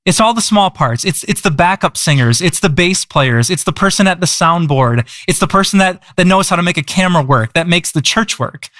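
A man's voice: sits high, expressive, brisk, few pauses, fairly bright tone, no echo, clean studio sound. A man preaching a sermon as pastor, conversational, repeating words and asking the audience questions. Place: church.

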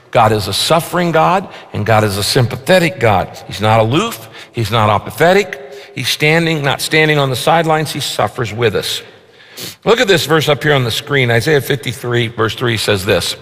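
A man preaching a sermon as pastor, with emphatic repetition, rising for stress and then dropping low. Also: a bit bright, long reverb tail. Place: large church auditorium.

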